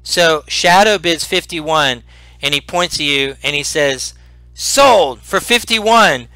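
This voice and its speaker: A man narrating a tabletop role-playing game as game master, animated and full of restarts. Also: fairly high pitch, a little slow, clean tone, no room sound, low-quality recording. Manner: animated, repeats words and restarts.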